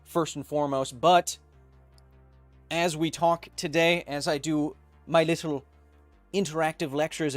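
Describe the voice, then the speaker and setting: A man in his thirties hosts a casual live stream, his voice pitched a bit high. He jokes his way through viewer comments read aloud. The sound is close and dry, with soft music underneath. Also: no echo. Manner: joking, reads chat messages aloud with quick asides. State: coughing fits. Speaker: livestream host.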